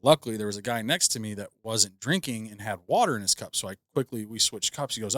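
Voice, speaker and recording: A man's voice: on the low side, fast talker, hardly any pauses, fairly bright tone, no echo, clean studio sound. A young man co-hosting a podcast, telling a profane, rambling story full of fillers into a podcast mic. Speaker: podcast co-host. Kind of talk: casual storytelling.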